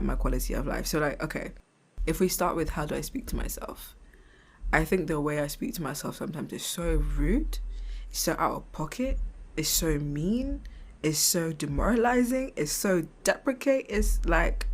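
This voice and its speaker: A woman in her twenties with a notably low voice, hosting a casual, reflective solo podcast. She talks in a frank, chatty way, swears freely and laughs often. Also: vocal fry. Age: 20s. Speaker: podcast host.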